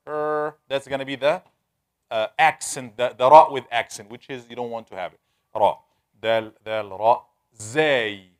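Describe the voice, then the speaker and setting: A man leads a live online Tajweed class, slowly sounding out each Arabic letter several times. His voice sits at a middle pitch, and he keeps a patient, steady teaching manner while he calls on students one by one.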